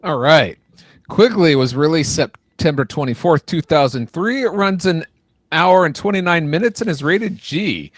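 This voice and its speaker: A man co-hosting a podcast with a slightly higher voice and an animated, playful delivery. He teases the host and reads out facts. The sound is close and dry. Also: moderate pace, dry recording. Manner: teasing, playful interrupter. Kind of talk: casual podcast banter.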